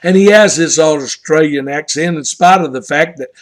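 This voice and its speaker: A man's voice: a little high, normal speed. An older man with a Southern US accent, telling a family story and drawing a devotional lesson from it in an earnest, homespun way. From Southern United States. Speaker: pastor. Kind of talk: devotional message.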